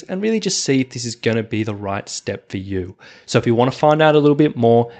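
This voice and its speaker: A man hosting a solo podcast as a hiking coach, talking in an upbeat, conversational way. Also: medium pitch. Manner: upbeat, conversational, lively rises and falls.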